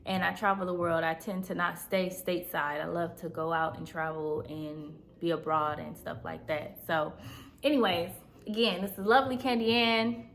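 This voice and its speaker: A woman's voice: lowish voice, fairly even intonation, moderate pace. A woman in her thirties from Southern California, telling her own life story to her viewers in a chatty, confiding way and often checking in with them. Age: 30s. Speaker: vlogger. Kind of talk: personal story time.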